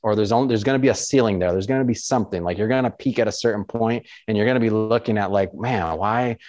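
A man, a podcast host and author talking as an interview guest, telling stories in a casual, animated way with many fillers and restarts. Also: on the low side, fast, no room sound. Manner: animated storyteller, many fillers and restarts, acts out quoted excitement. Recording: dry, dull lo-fi sound.

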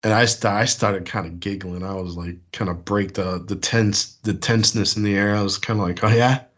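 A man from the US East Coast with a husky voice rambles through his stories as a caller, full of fillers and restarts. His voice sits on the low side. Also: steady tone, fairly quick, a bit bright. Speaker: caller sharing encounters. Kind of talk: casual storytelling on a call-in show.

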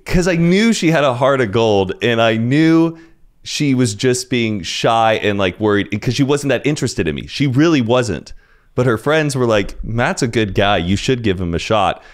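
A man's voice: mid-range voice, animated, normal speed. A young man on a podcast as a guest, telling rambling anecdotes in casual chat, full of "like" and "dude".

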